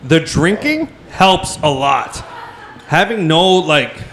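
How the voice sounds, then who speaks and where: Crude laughing podcast host, high lively voice. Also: male voice, slow pace, slight background noise. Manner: crude, laughing, talking while eating. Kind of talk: rowdy casual chat during an eating contest.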